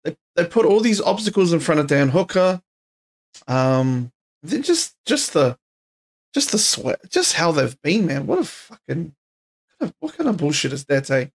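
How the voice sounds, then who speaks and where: A man's voice: fairly high pitch, sing-song, a little slow, husky. A tired man with a New Zealand accent talks into his podcast mic in a loose, rambling way. He swears freely and leans on slang and fillers as he drifts from one thought to the next. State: tired, yawning. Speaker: podcast host. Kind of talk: casual solo podcast chat. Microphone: podcast microphone.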